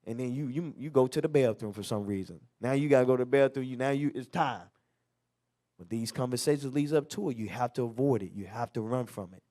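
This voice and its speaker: A man's voice: mid-range voice, fairly quick, warm tone. A man leading a Bible class in a loose, conversational preaching manner, acting out everyday quotes. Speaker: teacher. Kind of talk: street-style Bible class teaching.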